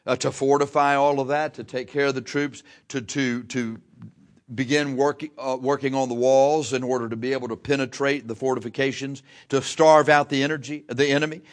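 Male pastor, mid-pitched voice, folksy plain-spoken sermon with emphatic repetitions. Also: fairly even intonation, normal speed. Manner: preaching with emphatic rises and repeated phrases.

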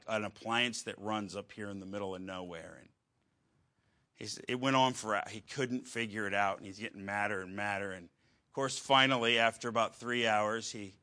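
A man preaching a sermon, telling a story with halting restarts and wry humor. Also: on the low side, pushed and bright.

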